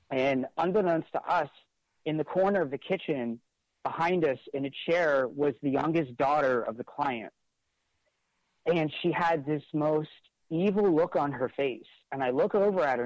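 A man's voice: a little high, dry recording, poor audio. A man recounting a personal experience in an interview, speaking earnestly with frequent "like" fillers and restarts. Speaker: interview guest. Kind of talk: conversational storytelling.

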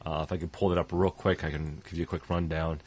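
A man's voice: extremely low pitch, flat delivery, fast talker, a little mellow, slightly rough. A man co-hosting a radio show in casual talk, stuffed up, rambling with many fillers and trailing off at phrase ends.

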